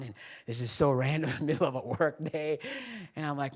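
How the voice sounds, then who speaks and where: A man's voice: mid-range voice, fairly quick. A man preaching a casual, conversational sermon as pastor, telling a personal story and acting out the dialogue, dropping to whispers and breaking into laughs. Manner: animated, confessional, acts out dialogue with whispers and laughs. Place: church auditorium.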